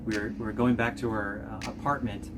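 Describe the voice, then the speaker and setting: A man's voice: on the low side, little pitch movement, fairly quick, noisy background. An American man casually and earnestly recounting memories with his wife. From United States. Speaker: interviewee, husband. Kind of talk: casual storytelling. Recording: music in the background.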